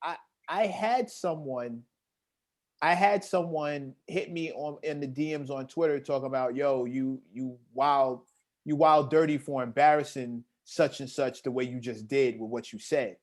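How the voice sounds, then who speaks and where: A man's voice: mid-range voice, a little slow. A man in casual chat, emphatic and outspoken, often jumping in.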